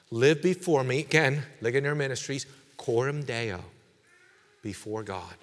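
A man pastor preaching a sermon with emphatic delivery, dropping quiet and then rising to forceful exhortation. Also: mid-range voice, measured pace, pauses often, long reverb tail.

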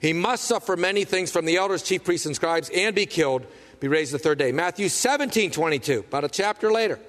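Pastor, male, high-pitched, emphatic preaching with rhetorical questions, long hall reverb. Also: expressive, brisk, a bit bright. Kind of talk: sermon.

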